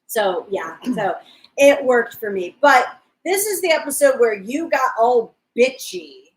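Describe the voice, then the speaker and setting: A woman co-hosting a relaxed fan chat, talking slowly with a lively, bouncing pitch. She recaps scenes in a chatty way, and her voice rings a little in an echoey room. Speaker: podcast co-host. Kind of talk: casual fan discussion livestream.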